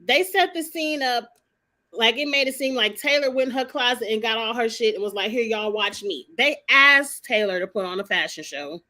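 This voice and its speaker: A woman's voice: fairly high pitch, animated, moderate pace, bright, forceful tone. Sassy, blunt woman ranting. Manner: blunt, sassy, swears freely. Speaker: vlogger commenting on a reality show. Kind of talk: casual opinionated commentary.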